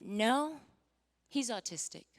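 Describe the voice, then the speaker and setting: A woman in her forties giving a sermon testimony, telling her story with strong feeling, acting out what was said, rising to near-shouting and dropping to whispers. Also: a little high, expressive, takes it slowly. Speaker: Christian singer giving a testimony. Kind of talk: sermon testimony to a live audience.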